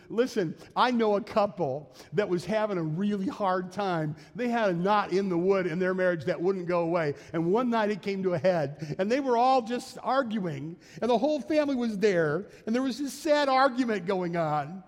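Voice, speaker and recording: A male pastor delivers a sermon in a church. He keeps it conversational and acts out quotes and asides. His voice sits high for a man, and a long reverb trails behind it in the sanctuary.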